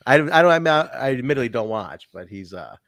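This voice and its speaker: A man talks through old matches in loose podcast chat, his pitch jumping around as he gets worked up. He swears freely and slips into quick impressions of what people said. His voice is close and dry, with no room sound. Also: no echo. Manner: animated, swears, laughs, acts out quotes. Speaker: podcast co-host. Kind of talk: casual review chat.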